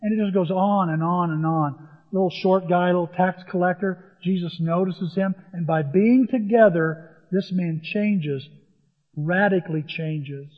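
A man's voice: high voice, a little slow. A man preaching a sermon in a conversational storytelling way, retelling scenes as he goes. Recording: long hall reverb, dull lo-fi.

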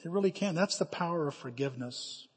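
Middle-aged pastor guy preaching, kinda high voice, acts out quotes, long echo from the hall. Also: animated, quick pace, slightly rough. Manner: storytelling, emphatic, with dramatic quoted asides. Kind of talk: sermon. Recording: hall reverb.

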